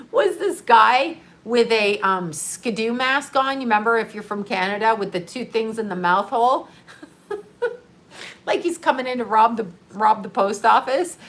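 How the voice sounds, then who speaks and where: A woman talking casually on a live stream, animated and sarcastic, often breaking into laughter. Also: on the high side.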